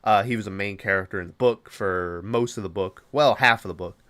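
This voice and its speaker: A man's voice: fairly low pitch, a little fast, fairly bright tone. Rambling man recapping a movie. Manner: rambling, full of filler words and casual swearing. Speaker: podcast host.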